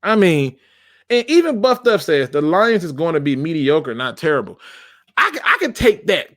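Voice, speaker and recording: A man hosts his football fan channel in a casual, emphatic rant, leaning on slang and repeating lines to hammer a point home. His voice sits a bit high and swings widely in pitch. The sound is dry and close, with no room around it. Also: sing-song, moderate pace, fairly bright tone, no room sound. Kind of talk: casual sports commentary rant.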